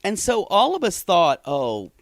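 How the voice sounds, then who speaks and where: A man co-hosting a podcast, recapping a show in gossipy, animated chat. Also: a little high, unhurried, no echo. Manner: gossipy, animated, laughs often, says y'all. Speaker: podcast co-host.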